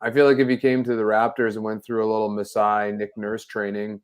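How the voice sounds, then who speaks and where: A man co-hosting a sports talk show, breaking down the game with rambling enthusiasm. His voice sits slightly low and runs on in loose, excited stretches. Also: brisk, smooth. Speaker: podcast co-host.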